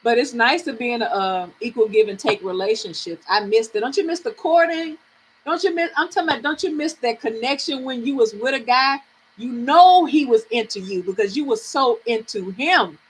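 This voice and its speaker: A middle-aged woman from the American South talks frankly with viewers on her live reading stream. Her voice sits high and bright, she swears easily and laughs a lot. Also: moderate pace, a little hiss or hum, low-quality recording. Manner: frank, animated, swearing freely, laughing often.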